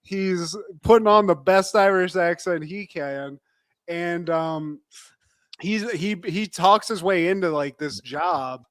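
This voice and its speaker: A man on a podcast, talking in a joking, animated way with a slightly higher voice. He fires off quick asides to his co-host. The sound is dry and close, with no room echo. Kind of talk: casual recap chat.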